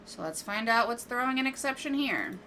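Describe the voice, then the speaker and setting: A woman's voice: fairly high pitch, expressive, fairly quick, bright, forceful tone, slight background noise. A woman giving casual commentary while playing and fixing game mods at home, swearing freely when things break and chatting to her cat between fixes. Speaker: gaming streamer. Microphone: desk microphone.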